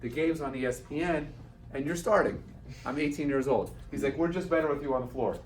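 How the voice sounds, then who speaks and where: Man in his forties, guest speaker, lively storyteller, echoey hall, mic a little far off. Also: a little high, a little fast. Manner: animated storyteller acting out quotes. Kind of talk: storytelling talk to an audience. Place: event hall with live audience. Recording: roomy hall, mic heard from a distance.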